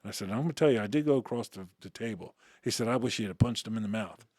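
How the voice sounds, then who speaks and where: Low-voiced man telling a story, dry sound. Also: rapid-fire, breathy edge, no room sound. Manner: animated storyteller, acts out quoted dialogue, casual cussing. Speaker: interview guest. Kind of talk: storytelling in a podcast interview.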